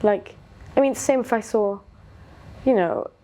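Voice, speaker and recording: A young woman being interviewed, talking candidly and reflectively, often pausing and restarting her sentences. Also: medium pitch, warm tone, slight background noise. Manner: reflective, hesitant, many restarts, laughs while retelling stories. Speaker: interview guest.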